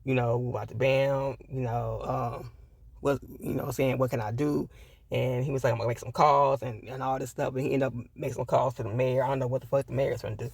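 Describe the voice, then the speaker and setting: Gravelly, blunt man reviewing TV. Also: medium pitch, flat delivery, fast, darkish tone, no room sound, clean studio sound. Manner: blunt, profane, emphatic, repeats phrases. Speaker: TV show reviewer. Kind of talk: casual episode review.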